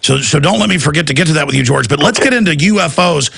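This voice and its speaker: Gravelly, intense talk radio host man. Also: a little high, lively intonation, quick pace, a bit bright, dry recording. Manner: intense, restarts and stumbles. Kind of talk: fast, rambling talk radio questioning.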